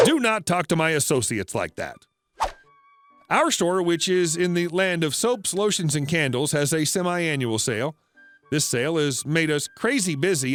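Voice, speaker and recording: A man narrating online stories aloud, lively and quoting characters. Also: fairly high pitch. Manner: lively storytelling, quoting voices. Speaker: story narrator.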